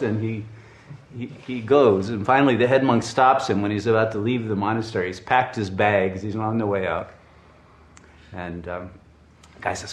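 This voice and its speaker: A man giving a spiritual talk, telling a story in an animated, chuckling way with frequent restarts. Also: lowish voice, moderate pace, reverberant. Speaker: spiritual teacher.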